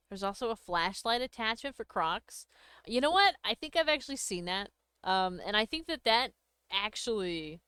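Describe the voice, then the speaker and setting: A woman's voice: mid-range voice, a bit bright, clean tone, no room sound, studio quality. A woman hosting a livestream, chatting casually with viewers, thanking them and laughing often. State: hiccups. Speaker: livestream host.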